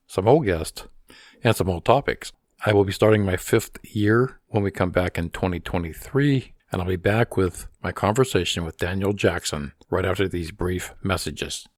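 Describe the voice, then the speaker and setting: A man hosting a podcast interview, hoarse and losing his voice, talking in a halting way and repeating words. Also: low-pitched, no room sound, clean studio sound. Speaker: podcast host.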